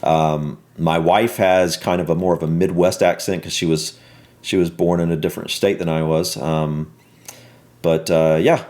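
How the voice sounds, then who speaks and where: A man with a Southern American accent, reacting to a video in casual, rambling commentary full of pauses and ums. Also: deep voice, fairly even intonation, darkish tone. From Southern United States. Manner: rambling, halting with many ums.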